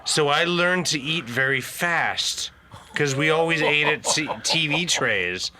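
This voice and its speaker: Slow, very bright middle-aged man with wry asides. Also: a little high, lively intonation, a little hiss or hum. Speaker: guest, band member. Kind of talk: casual chat.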